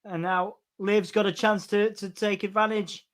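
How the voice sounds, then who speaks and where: A man's voice: sits high, little pitch movement, a bit bright. A man co-hosting a casual wrestling watch-along, stammering into restarts and calling the moves as they happen. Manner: stammering restarts, quick play-by-play calls. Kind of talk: casual chat with live commentary.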